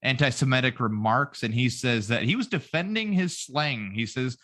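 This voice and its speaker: A man co-hosts a podcast in casual comedic chat, joking, doing mocking voices and rambling with fillers. His medium-pitched voice is expressive and fairly bright at a moderate pace.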